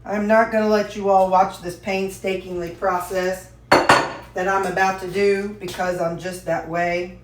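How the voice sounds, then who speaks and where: A woman's voice: mid-range voice, flat delivery, a little slow, very noisy. A woman chatting folksily to viewers while cooking in her home kitchen. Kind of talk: casual cooking vlog chat. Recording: echoey kitchen with dish clatter.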